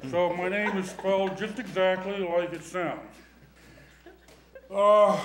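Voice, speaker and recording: A man giving folksy, joking remarks at a city council meeting. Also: fairly high pitch. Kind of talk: public remarks with humor. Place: council chamber. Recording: echoey chamber.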